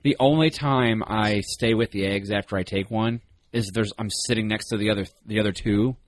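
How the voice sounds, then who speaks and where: A man co-hosting a podcast in casual chat, animated and playful, acting out quotes in goofy voices. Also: lowish voice, moderate pace. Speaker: podcast co-host.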